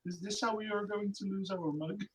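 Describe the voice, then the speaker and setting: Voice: medium pitch, steady tone, normal speed, distant mic, a little hiss or hum. A tabletop game player making joking asides about the story.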